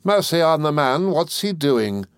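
A man's voice: medium pitch, sing-song, very slow, no echo, clean studio sound, voice pushed up, full character voice. A man voicing a severe, impatient older woman who snaps her questions sharply. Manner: sharp, snapping.

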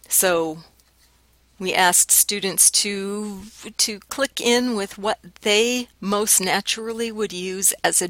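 A woman lecturing to a class, taking her time and sounding out example words so listeners can hear the differences. Her voice sits a little low, and the recording is dry and close with no room sound. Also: fairly bright tone, dry recording, poor audio. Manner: explanatory, demonstrates vowel pronunciations aloud. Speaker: linguistics lecturer.

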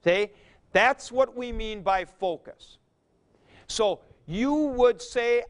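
A middle-aged man lecturing on grammar with a high, smooth, resonant voice. He talks slowly and deliberately, folksy and emphatic, building his points from everyday examples. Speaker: teacher.

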